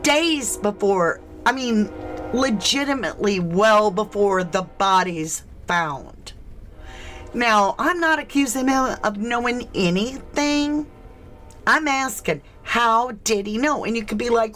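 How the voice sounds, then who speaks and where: A woman's voice: a little high, animated, slow pace, a bit bright, soft background music. A woman from the States, hosting a casual true crime livestream, chatty and questioning as she greets viewers. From southern United States.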